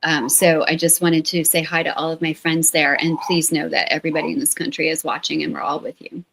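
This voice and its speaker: A middle-aged woman author talking in a lively, chatty way during an interview. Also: sits low, a little fast, gravelly. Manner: lively, talkative, self-deprecating. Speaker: author guest and co-founder. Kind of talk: conversational interview.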